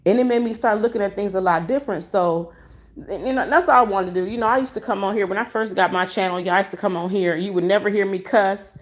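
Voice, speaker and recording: A woman from Michigan hosting a casual livestream from home, talking to viewers on a phone she holds as she walks around, emotional and expressive with a preachy streak. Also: mid-range voice, quick pace. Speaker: livestream host. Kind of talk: casual livestream commentary to a chat. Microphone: phone held in hand.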